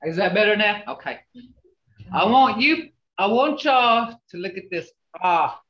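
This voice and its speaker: Man, language teacher, video call, slow patient delivery, roomy dull audio. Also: high voice, lively intonation. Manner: slow, patient, repeats words to show tone.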